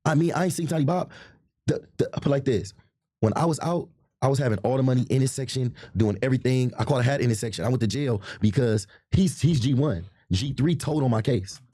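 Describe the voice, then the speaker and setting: Fast-talking husky man in his thirties. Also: mid-range voice, no room sound, clean studio sound. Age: 30s. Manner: rapid, repetitive, animated storytelling. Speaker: podcast guest. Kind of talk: heated casual talk.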